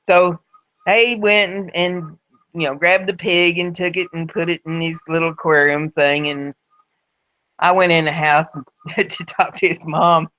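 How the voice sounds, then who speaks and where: A woman's voice: lowish voice, fairly even intonation, measured pace, fairly bright tone. A woman tells a story in a plain, folksy way, often repeating her words. The sound is dull and lo-fi. The room is dry, with no echo. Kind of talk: spoken storytelling. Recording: dull lo-fi recording.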